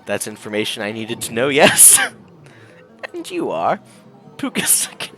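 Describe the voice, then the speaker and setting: A male streamer reading and narrating a visual novel, animated and jokey, laughing often. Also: mid-range voice, measured pace, soft background music.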